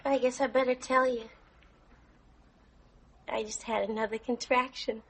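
An actress playing a pregnant young wife in early labor, calm and patient with her flustered husband. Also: fairly high pitch, moderate pace, rough recording. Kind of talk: sitcom acting. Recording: studio audience laughter, light noise.

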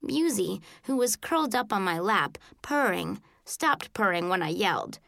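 A woman narrating a children's book in the first person, telling it in an expressive, childlike way. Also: medium pitch, normal speed, gravelly, dry recording, clean studio sound. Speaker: audiobook narrator.

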